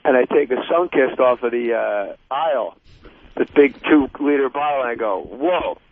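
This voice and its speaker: A man calling in to a radio show, rambling through a long casual story in an animated way. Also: mid-range voice, normal speed. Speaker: phone-in guest. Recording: tinny phone line.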